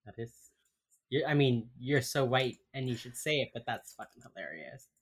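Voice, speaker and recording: A woman co-hosting a casual podcast chat, recounting TV scenes in a relaxed way with many fillers. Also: a bass voice, normal speed, husky. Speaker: podcast co-host. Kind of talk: casual chat recapping a TV show.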